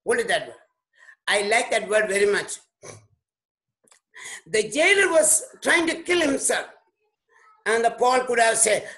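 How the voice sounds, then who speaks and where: A man pastor preaching a sermon emphatically, breaking in to comment on the scripture reading and sometimes shouting. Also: very high voice, big pitch swings, unhurried, long pauses. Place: church.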